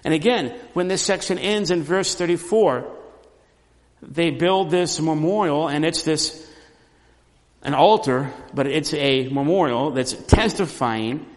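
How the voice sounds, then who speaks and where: A man gives a sermon at an unhurried, deliberate pace, his fairly high voice carried by a long reverb as in a large hall. He explains a text step by step and swells to loud, passionate repetition of key phrases. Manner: emphatic preaching, rising loud on repeated phrases. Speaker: pastor.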